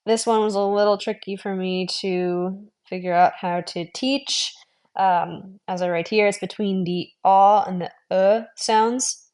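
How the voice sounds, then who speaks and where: A young adult woman giving a video language lesson, patiently explaining and repeating sounds slowly so learners can follow. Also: mid-range voice, steady tone, a little mellow. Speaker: language teacher.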